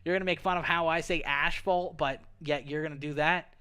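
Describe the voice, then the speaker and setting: Broadcasting from a home streaming setup, a Canadian man with a Canadian accent runs a playful, casual livestream chat, frequently laughing and adding "okay" to what he says. His voice is on the high side, steady, brisk and sharp, clear and resonant.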